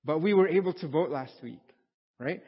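A man's voice: on the high side, moderate pace, husky. A man preaching a casual, conversational sermon, repeating himself and asking his congregation questions. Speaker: pastor. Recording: dull sound with long hall reverb.

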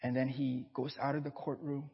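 A male preacher telling an illustration story during a sermon in an animated way. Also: medium pitch, moderate pace, husky, big-room sound, highs cut off. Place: church.

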